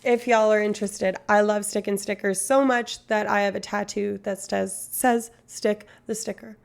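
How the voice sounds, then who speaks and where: A woman's voice: medium pitch, vocal fry. A woman in her twenties chatting casually on a livestream in a put-on Australian accent that slips at times. She is self-mocking, laughs often and swears freely. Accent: put-on Australian, slipping at times. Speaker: streamer.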